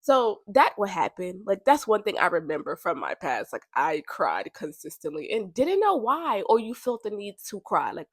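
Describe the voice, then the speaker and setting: A woman talking casually about spiritual growth, chatty and animated, with features, laughing now and then and jumping higher when she quotes herself. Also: normal speed, few pauses, no room sound, clean studio sound. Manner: chatty and animated, laughs often, bursts high when quoting. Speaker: podcast host.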